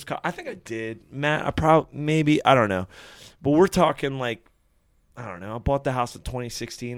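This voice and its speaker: A young man with a mid-range voice tells a long story in casual chat among friends, recorded with no echo. He rambles, curses freely, and keeps restarting his sentences.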